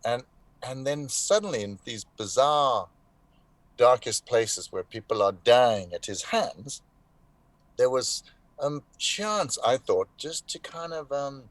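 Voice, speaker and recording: A man, an actor being interviewed, telling animated anecdotes in casual conversation, often restarting his sentences. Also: mid-range voice, slow, no room sound.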